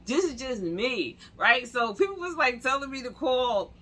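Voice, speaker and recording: A woman, telling stories to camera in a slangy, animated way and acting out what people said. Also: high voice, moderate pace. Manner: animated, slangy, laughs and acts out quotes. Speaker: vlogger. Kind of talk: casual storytelling to camera.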